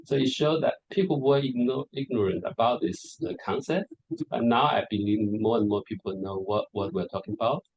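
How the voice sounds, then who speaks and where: A man's voice: medium pitch, a little fast, muffled recording. Hesitant male lecturer giving a presentation. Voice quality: hesitant, with many repeated words and fillers. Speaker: lecturer presenting on English varieties. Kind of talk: conference presentation.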